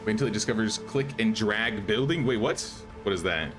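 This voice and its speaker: A man's voice: fairly low pitch, brisk, music in the background. A young man streaming a survival game, chatting casually and thinking aloud with frequent restarts. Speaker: gaming streamer. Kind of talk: casual live gameplay commentary.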